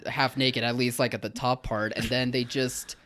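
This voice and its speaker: A man's voice: mid-range voice, level tone, moderate pace, fairly bright tone, a little hiss or hum. A man co-hosting a podcast, giving a film review in casual chat, earnest and hesitant with frequent restarts.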